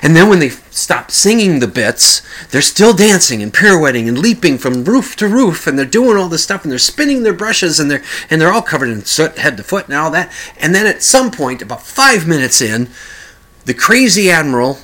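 A man hosts a podcast in a rambling, casual monologue, often restarting and singing mock lyrics. His voice is fairly high and fairly bright, very animated, at a moderate pace.

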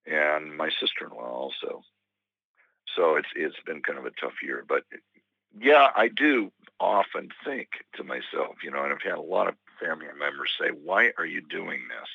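An American man chatting in an interview, wry and self-deprecating, with a gravelly voice. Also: rumbling low, big pitch swings, moderate pace, no room sound, lo-fi sound. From United States. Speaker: touring musician guest. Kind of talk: phone interview chat.

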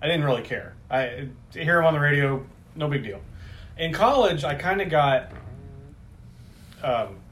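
A man's voice: fairly high pitch, animated, normal speed, pauses often, a bit bright. A man in his forties in casual chat, rambling and correcting himself as he goes, swearing freely.

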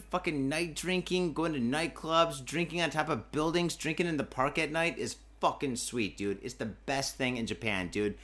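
A man's voice: mid-range voice, a little fast, fairly bright tone. A tipsy man hosting a podcast, rambling in a rowdy, profane way and saying "dude" a lot. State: tipsy from drinking. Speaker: podcast host. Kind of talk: rambling drunk podcast monologue. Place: Japan.

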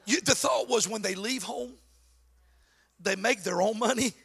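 A man preaching a sermon as pastor, with loud, sing-song emphasis and a husky edge. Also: sits high, unhurried.

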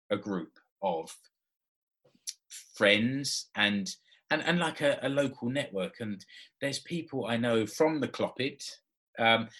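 A man's voice: mid-range voice, bright, forceful tone. A man in his forties, a podcast co-host telling a personal story in casual chat, laughing often and restarting his sentences. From Britain. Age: 40s.

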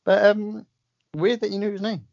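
A man co-hosting a comic chat, joking and putting on deep, slow voices of dead celebrities. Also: steady tone, vocal fry, darkish tone, highs cut off. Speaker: podcast co-host. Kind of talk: comic chat, doing séance impressions.

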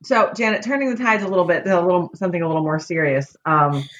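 A woman's voice: fairly low pitch, fast, a bit bright. Female co-host, muffled lo-fi mic. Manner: casual, teasing asides. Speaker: podcast co-host. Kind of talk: casual chat. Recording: dull lo-fi microphone.

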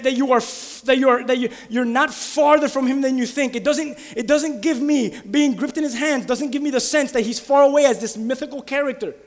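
A man preaching a sermon with passion, asking his congregation direct questions and building to loud, emphatic peaks. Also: very high-pitched, big-room sound. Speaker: pastor.

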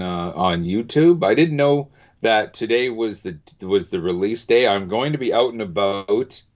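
A laid-back man co-hosting a podcast in casual chat, laughing easily. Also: lowish voice. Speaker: podcast co-host. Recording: dull, lo-fi sound.

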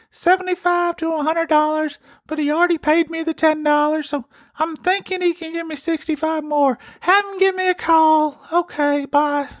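Brief: squeaky high ancient man put on by a man, muddled and rambling, drawn-out phrases, dry close sound. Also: fairly bright tone, no echo. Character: frail man in his nineties, thin high voice, rambling.

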